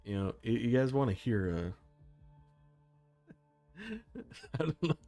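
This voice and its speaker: A man's voice: mid-range voice, wildly swooping pitch, takes it slowly, dark tone, soft background music. A young man streaming, chatting casually with viewers, swearing freely and laughing often.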